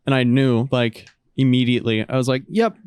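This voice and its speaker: A man's voice: medium pitch, little pitch movement, fairly quick, a little mellow, clean tone, dry recording. A man co-hosting a casual podcast in a laid-back way, full of "um" and "like". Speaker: podcast co-host. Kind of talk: casual chat.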